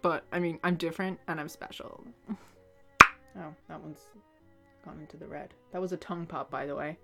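Swearing woman, soft whispering asides. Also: deep voice, fairly even intonation, moderate pace, vocal fry, loud music behind the voice. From Ireland. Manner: swears a lot, self-mocking, drops to a whisper. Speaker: voice performer. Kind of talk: casual self-recording vlog. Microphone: studio mic at home.

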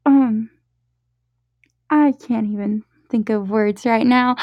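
A woman's voice: on the high side, steady tone, measured pace, long pauses, dry recording, muffled recording. A woman talking in an intimate improvised audio, whispery and giggly, hesitant and fumbling for words.

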